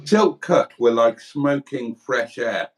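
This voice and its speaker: A man's voice: mid-range voice, takes it slowly, rough recording. A middle-aged man co-hosting a livestream, telling rambling, crude, joking anecdotes in casual banter. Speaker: livestream co-host.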